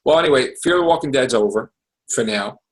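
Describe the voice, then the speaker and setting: Excitable, profane man recapping TV. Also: medium pitch, a little fast, slight background noise, low-quality recording. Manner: excitable, profane, animated storytelling. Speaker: podcast host. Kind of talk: casual chat.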